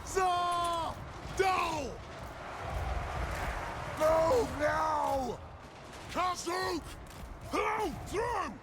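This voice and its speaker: A battle-hardened dwarf warrior bellows orders and war cries, high and strained from shouting, each one drawn out slowly. His video game barks ring out over a loud din of battle. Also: heavily acted. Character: gruff battle-hardened male dwarf soldiers. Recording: loud battle noise behind.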